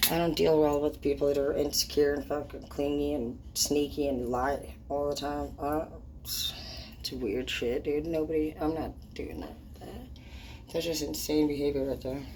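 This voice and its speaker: A woman with a low voice vents in a casual vlog rant. She is blunt, indignant and full of swearing. She sounds upset and fed up, and steady clicking noises run behind her. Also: slight background noise, low-quality recording. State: upset and annoyed.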